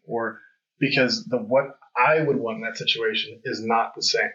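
Bright-voiced man hosting a podcast. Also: mid-range voice, fairly even intonation, moderate pace. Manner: candid, reflective, rambling. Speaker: podcast host. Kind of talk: conversational interview. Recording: dull lo-fi audio.

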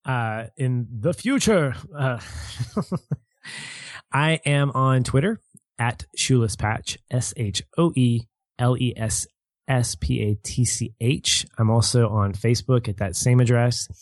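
A man's voice: mid-range voice, slow, no echo. Guy rambling on a film podcast as a guest, laughs a lot, dry sound. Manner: rambling, restarts, laughs easily. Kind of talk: casual film podcast chat.

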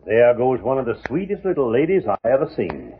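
Actor as old cowpoke veteran, bossy, rapid folksy drawl, tinny radio with faint hiss. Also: male voice, medium pitch, sing-song, natural voice. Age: older. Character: old male Civil War veteran drifter, bold, fast-talking. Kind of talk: 1940s radio acting.

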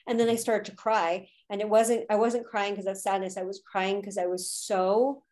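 A woman's voice: mid-range voice, level tone, normal speed, a little mellow. A woman in her thirties, a podcast guest, telling a personal story in a candid, emotional way with frequent fillers. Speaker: podcast guest, spiritual teacher.

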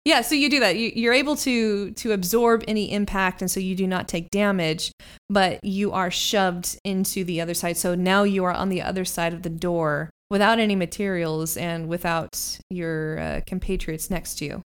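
A woman running a tabletop game as game master, with chatty, halting narration. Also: fairly low pitch, steady tone, smooth.

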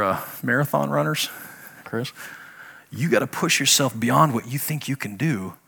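Husky middle-aged man preaching with swings. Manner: conversational, swings between loud emphatic bursts and hushed low lines. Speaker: pastor. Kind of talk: sermon.

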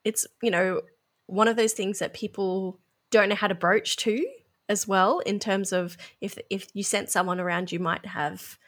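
A woman podcast host reading a smooth, prepared film summary and then asking her guest questions. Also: medium pitch, fairly even intonation, moderate pace, fairly bright tone. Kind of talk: film recap then interview.

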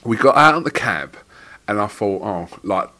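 A man with a lowish voice hosts a relaxed podcast conversation. He tells anecdotes in a lively way, full of banter and casual swearing. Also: normal speed. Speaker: podcast host. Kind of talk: casual chat.

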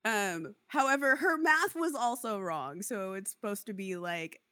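In a clean studio recording with no room sound, a Seattle-area woman with a medium-pitched voice chats casually at a measured pace. She angrily recounts a dispute with her landlord, acting out both sides with mock quotes in an indignant, animated way.

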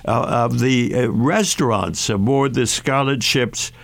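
A man's voice: medium pitch, gravelly. An older man hosting a radio travel show, talking at length with frequent restarts and fillers. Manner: halting, many restarts and fillers. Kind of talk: radio talk show discussion.

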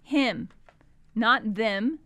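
A woman's voice: fairly high pitch, extremely slow, a bit bright, dry recording. A woman co-hosting a podcast, talking through a recorded call in a thoughtful, conversational way with plenty of fillers. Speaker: podcast co-host. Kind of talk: casual chat analyzing a call recording.

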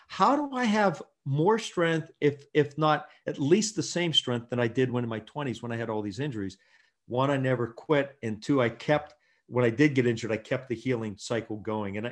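A middle-aged man, a chiropractor, telling stories animatedly in a casual interview and laughing often. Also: mid-range voice. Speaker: chiropractor guest.

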